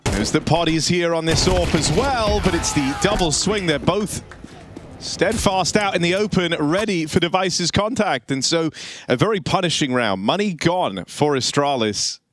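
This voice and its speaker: Animated male esports caster. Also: moderate pace. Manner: animated, jokey, pitch jumps up when excited. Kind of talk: play-by-play commentary. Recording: noisy broadcast with game gunfire behind. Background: game gunfire and clicks.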